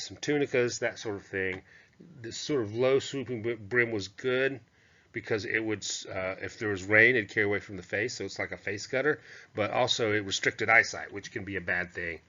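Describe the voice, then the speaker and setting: Through a muffled, lo-fi recording, a man lectures on historical costume, wandering off topic with fillers and asides as he goes through his slides. His fairly low voice sounds pushed and bright.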